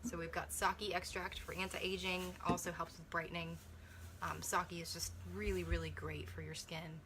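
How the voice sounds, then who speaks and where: A woman's voice: lowish voice, flat delivery, moderate pace, noisy background. A young woman, a mother, chatting casually through a beauty kit unboxing, thinking aloud and correcting herself as she reads viewer comments.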